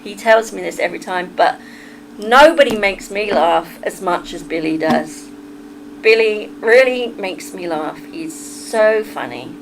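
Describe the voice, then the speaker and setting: A woman's voice: medium pitch, a little slow, gravelly, noisy background. An English woman hosting a livestream, chatting casually with her viewers, laughing often and drifting onto tangents. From England. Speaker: livestream host. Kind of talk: casual chat reading a live chat.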